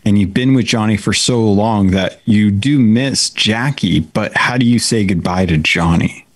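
Low-voiced man, slow and thoughtful. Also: dry recording. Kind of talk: casual chat about a video game.

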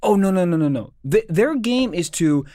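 Man, comedy podcast co-host, casual storytelling, acts out voices, very lively pitch. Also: moderate pace, no echo, studio quality. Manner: animated, acts out voices in anecdotes.

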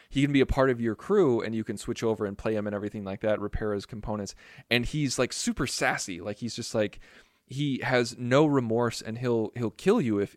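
A man's voice: mid-range voice, no room sound, studio quality. A man chatting on a podcast, rambling and teasing his co-host in a self-mocking way, filling his talk with "like". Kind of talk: casual podcast chat.

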